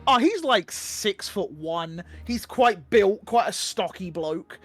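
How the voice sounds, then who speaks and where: Casting: a high-voiced dungeon master, loose and chatty, with faint music behind. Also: male voice, expressive, slow pace, fairly bright tone, dry recording. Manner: casual, many fillers, laughing. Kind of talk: narrating a tabletop game.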